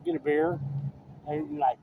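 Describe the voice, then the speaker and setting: A man's voice: high-pitched, huge pitch swings, measured pace, gravelly, phone-quality sound, noisy background. A man telling a rambling story in a casual vlog, profane and getting worked up as he goes.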